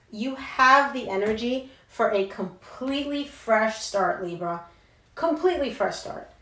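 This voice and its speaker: Chatty woman tarot reader, roomy echo. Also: mid-range voice. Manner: chatty and emphatic, slangy asides. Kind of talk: casual tarot reading to camera.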